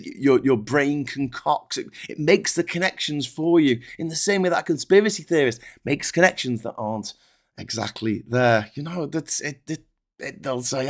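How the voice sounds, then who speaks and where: Ranting man hosting a livestream. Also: mid-range voice. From United Kingdom. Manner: ranting, sweary and exasperated. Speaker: political livestream host. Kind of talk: livestream political commentary.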